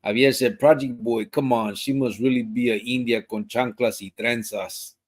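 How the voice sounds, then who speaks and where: A man hosting a live podcast, reading viewer comments aloud and chatting in a relaxed, loose way full of fillers and restarts. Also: medium pitch, normal speed. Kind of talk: casual live-stream chat.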